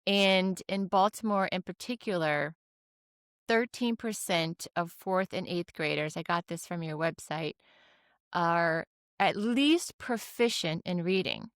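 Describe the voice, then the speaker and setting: A woman's voice: lowish voice, measured pace, clean tone, no room sound, clean studio sound. A woman hosting a podcast interview, enthusiastic as she introduces and questions her guest. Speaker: podcast host.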